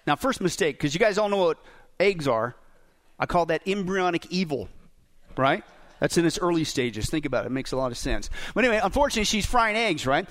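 A man's voice: fairly high pitch, very animated, a little fast, fairly bright tone. A middle-aged man preaching a sermon as pastor, joking and firing questions at the congregation. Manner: jokey, asks the crowd questions.

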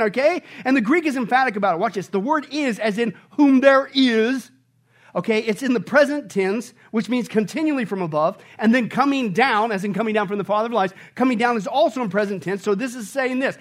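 Emphatic high-voiced preacher man. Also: a little fast. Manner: emphatic, repeats phrases, rises to shouting and drops to hushed tones; asks the congregation rhetorical questions. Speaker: pastor. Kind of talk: sermon.

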